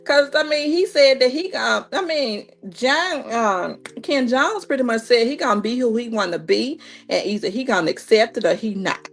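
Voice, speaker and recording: A woman in her thirties giving a casual, animated reality TV recap, acting out what the cast said in a higher voice. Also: moderate pace, hardly any pauses, soft background music. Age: 30s.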